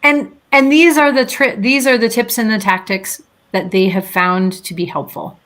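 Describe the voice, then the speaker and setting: A woman therapist and author, a guest in an interview, telling her story with lively acted-out quotes and frequent laughter. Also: normal speed. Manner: lively storyteller, acts out quotes with big pitch jumps. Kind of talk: animated interview conversation.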